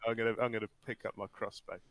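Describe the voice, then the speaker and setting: A man's voice: lowish voice, flat delivery, very fast, fairly bright tone, slight background noise. A man speaking as a player in a tabletop game, grumbling in a mock-angry way. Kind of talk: casual tabletop play.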